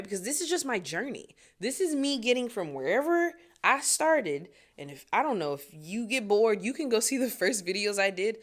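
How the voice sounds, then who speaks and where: Lively young woman vlogger, phone-recorded, chatty and reflective, laughs a lot. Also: medium pitch. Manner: animated, laughs often, talks to viewers directly. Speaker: singer and vlogger. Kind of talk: casual reflective vlog to camera.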